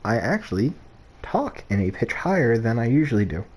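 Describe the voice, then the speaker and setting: A man's voice: medium pitch, sing-song, normal speed, darkish tone, breathy edge. A man streaming a video game, chatting casually and rambling with lots of "like" and restarts. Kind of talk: casual gameplay stream chat.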